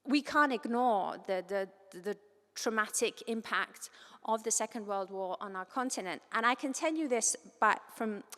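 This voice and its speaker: Cypriot woman lecturing in a big hall. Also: fairly high pitch. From Cyprus. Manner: lively, informal, quick asides and quoted voices. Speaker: conference speaker. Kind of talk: academic conference talk. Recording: long reverb of a large hall.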